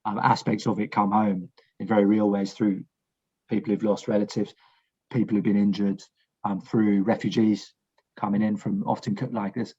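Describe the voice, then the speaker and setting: A man's voice: lowish voice, little pitch movement, moderate pace, warm tone, breathy edge, lo-fi sound. A man talking as a veteran guest on a podcast, frank and blunt, swearing and restarting his sentences. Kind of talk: casual podcast conversation.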